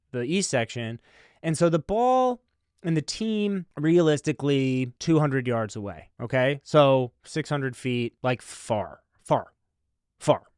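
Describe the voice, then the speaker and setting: A man hosting a comedy podcast, telling a rambling story with deadpan, mock-serious asides. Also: on the high side, smooth, no room sound, clean studio sound. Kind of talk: comic storytelling.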